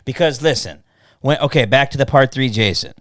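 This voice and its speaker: A man hosting a casual podcast chat, telling stories loudly, cursing often, and mimicking people he quotes. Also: mid-range voice, a little fast, no echo, clean studio sound. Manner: profane, animated storytelling with mocking quoted voices. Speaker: podcast host.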